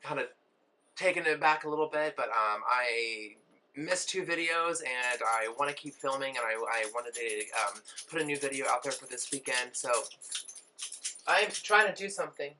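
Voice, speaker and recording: Hoarse, chatty man with a bright voice. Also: mid-range voice, expressive, moderate pace, a little hiss or hum, low-quality recording. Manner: chatty, many fillers, rambling asides. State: hoarse, recovering from laryngitis. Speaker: beauty vlogger and cosmetologist. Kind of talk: casual get-ready-with-me chat.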